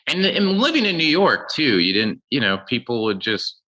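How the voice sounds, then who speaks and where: A man's voice: big pitch swings, normal speed, low-quality recording. A man in his forties, a comedian guest on a podcast, telling loose stories and jumping into impressions of strangers. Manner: loose storytelling, breaks into loud high impressions of strangers. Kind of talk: casual podcast chat.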